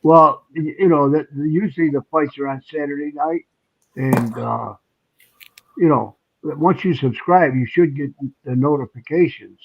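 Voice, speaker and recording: A man's voice: on the high side, a little slow, gravelly. A man chatting casually on a live stream in a laid-back way. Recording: dull dry line.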